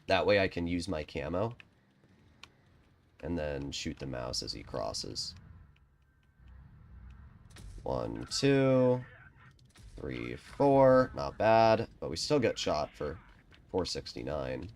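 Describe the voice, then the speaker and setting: A man's voice: expressive, a little slow, creaky. A man live-streaming a tank game, talking through his plays and ranting when things go wrong. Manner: frustrated ranting, swears often; quiet, low-key strategy talk. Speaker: gaming streamer.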